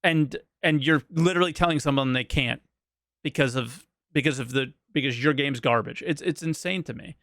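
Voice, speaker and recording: A man's voice: mid-range voice, normal speed, a bit bright, no echo, studio quality. A man hosting a casual podcast chat, blunt, exasperated and swearing freely. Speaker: podcast host.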